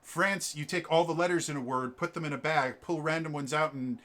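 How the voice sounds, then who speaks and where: A man from Wisconsin running a tabletop game, chatting casually with animated, joking asides. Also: on the high side, brisk. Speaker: game master. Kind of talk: casual chat.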